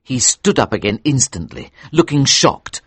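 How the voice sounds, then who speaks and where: A man reading a story aloud for English learners, slow, clear and expressive. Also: mid-range voice, dry recording.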